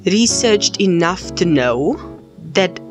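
A woman's voice: lowish voice, lively intonation, slow pace, over music. Emphatic woman ranting on a podcast. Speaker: podcast host. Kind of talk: solo podcast rant.

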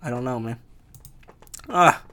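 A man's voice: mid-range voice, slow pace, sharp tone. Rambling, profane young man. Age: 20s. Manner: chuckling, profane, self-mocking. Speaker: podcast host. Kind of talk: rambling solo podcast rant.

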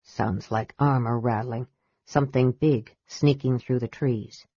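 A woman voicing a gruff old male dwarf warrior in a storybook reading, in a deep grumbling voice. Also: sing-song, normal speed, darkish tone, no echo, exaggerated voice. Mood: whispering tense. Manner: gruff, muttering, low growl. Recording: dull dry recording.

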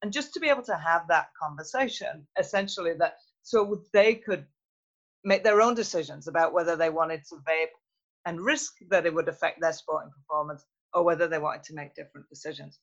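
Podcast guest, measured and reflective, mid-pitched, muffled lo-fi sound. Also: a bit bright. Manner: thoughtful, measured, with frequent fillers. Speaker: interview guest, youth health researcher. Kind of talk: conversational interview.

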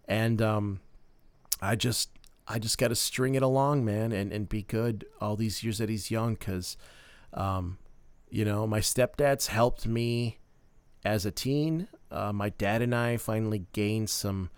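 A man in his thirties from Minnesota speaks slowly and earnestly as a podcast host, pausing with plenty of fillers. His voice is smooth and clear. The sound is dry and close, with no room around it. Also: fairly low pitch, dry recording. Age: 30s. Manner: earnest, heartfelt, with many fillers. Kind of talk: personal storytelling monologue.

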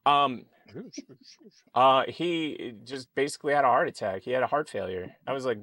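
A man co-hosting a casual podcast, joking and animated, drifting into quiet asides. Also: mid-range voice, normal speed, dry recording. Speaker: podcast co-host. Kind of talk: casual chat.

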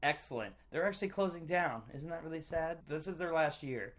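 A man with a slightly higher voice chatting casually and telling stories with big energy. He swears a lot and jumps into loud acted-out quotes. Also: fairly quick. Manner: animated storyteller, swears freely, acts out quotes loudly. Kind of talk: casual chat. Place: vacation spot by a lake.

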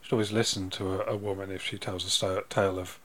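A man's voice: sits low, little pitch movement, quick pace, a bit bright. A man co-hosting a podcast in casual chat, asking questions and making dry remarks. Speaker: podcast co-host.

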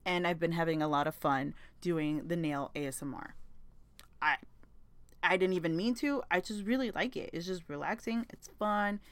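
A woman's voice: fairly low pitch, normal speed, clean tone, no echo. A young woman hosting a podcast, chatting in a rambling, casual way, swearing freely and laughing often. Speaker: podcast host. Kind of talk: casual chat.

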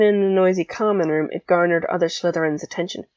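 A woman narrating a fan fiction audiobook in a steady storytelling manner, in a dry, slightly dull recording. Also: fairly low pitch, quick pace, few pauses, no echo. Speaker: audiobook reader.

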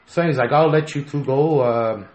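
A man co-host throws out blunt questions with a deadpan delivery. His voice sits in a middle range and carries an echo from the room. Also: mid-range voice, fast talker. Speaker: podcast co-host. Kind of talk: casual comedic chat.

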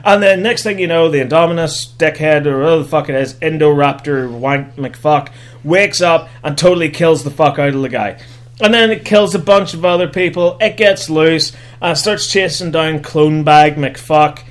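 A man recapping a movie comedically, animated and sarcastic, swearing heavily. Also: on the high side, normal speed.

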